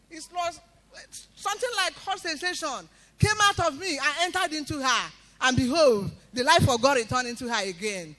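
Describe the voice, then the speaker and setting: A woman tells her testimony before a congregation with a bright, forceful voice. Her pitch swings widely, and she drives the story along emphatically, bursting into loud shouts of praise. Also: expressive, normal speed. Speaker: church member giving a testimony. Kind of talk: spoken church testimony.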